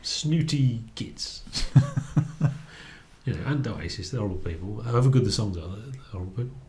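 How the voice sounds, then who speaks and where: A man's voice: fairly low pitch, animated, normal speed, a little mellow. A man, chatting casually as co-host of a book review, laughing often and repeating words as he thinks. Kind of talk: casual chat.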